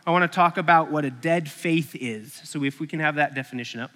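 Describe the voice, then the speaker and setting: A man's voice: a little high, a little fast. A man preaching a sermon, animatedly acting out a story before teaching. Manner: animated, acts out stories. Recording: echoey hall.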